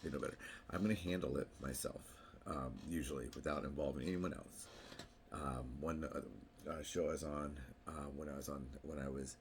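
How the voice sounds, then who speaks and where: बहुत गहरी आवाज़ वाला आदमी, बिखरी हुई बातें. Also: male voice, a bass voice, fairly even intonation, moderate pace, a little hiss or hum. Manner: rambling, anecdotal, acts out quotes in a raised voice. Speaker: vlogger. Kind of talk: casual monologue to camera.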